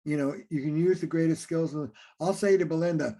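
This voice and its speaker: A man with a slightly raised, mellow voice talks through relationship advice in an interview. He is animated and acts out quick exchanges between partners as he explains. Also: fairly high pitch. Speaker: relationship therapist and author.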